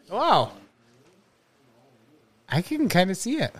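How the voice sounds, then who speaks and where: A man's voice: high-pitched, big pitch swings, extremely slow, breathy edge. A man co-hosting a casual movie commentary podcast, riffing and joking with friends. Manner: joking, riffing, laughs often. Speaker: podcast co-host.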